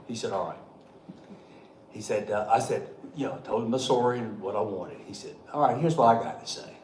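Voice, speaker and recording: A man's voice: mid-range voice, quick pace, a little mellow. Folksy man telling stories. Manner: folksy, joking, chuckling often. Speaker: state treasurer. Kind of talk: storytelling speech at a meeting. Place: meeting hall. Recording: echoey room, faint background noise.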